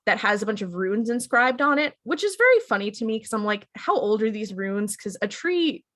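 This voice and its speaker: A woman co-hosting a podcast, chatting through an episode recap and quickly acting out the characters' lines. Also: medium pitch, very animated, a bit bright. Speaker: podcast co-host.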